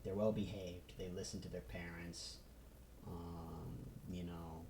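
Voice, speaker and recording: Male vlogger, mellow and loose, talking to camera through a phone mic. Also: deep voice, little pitch movement, slow pace, roomy sound, slight background noise, poor audio. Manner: rambling, loose, full of fillers. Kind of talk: casual rambling vlog.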